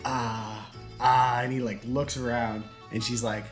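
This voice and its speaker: Animated man telling a long joke. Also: mid-range voice, soft background music. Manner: animated, acts out characters' lines in quick put-on voices. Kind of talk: casual chat.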